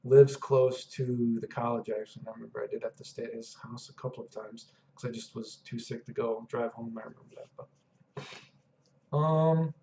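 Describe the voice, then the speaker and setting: Casual, profane male vlogger, thirties, mellow dark voice, dull echoey room recording. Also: mid-range voice, steady tone, moderate pace, vocal fry. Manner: casual, profane, keeps saying "dude" and "you know what I mean". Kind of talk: rambling personal storytelling.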